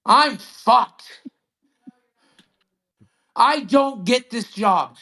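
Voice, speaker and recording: A man's voice: extremely high pitch, expressive, very slow, vocal fry, bright, forceful tone. A man in his fifties venting angrily and profanely on a live stream, hard on himself. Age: 50s. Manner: angry, profane, self-critical venting. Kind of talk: heated live-stream argument.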